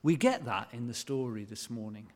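A man preaching a sermon in a conversational way, asking rhetorical questions and pausing on fillers. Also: medium pitch, animated, a little mellow. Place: church. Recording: long church reverb.

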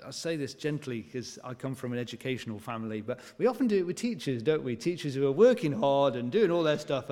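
A man preaching in a church, his speech set in a long, echoing church reverb. His voice is mid-pitched, and he talks in a chatty, conversational way, leaning on rhetorical questions and filling his pauses with "uh" and "um.". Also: a little mellow. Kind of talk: sermon.

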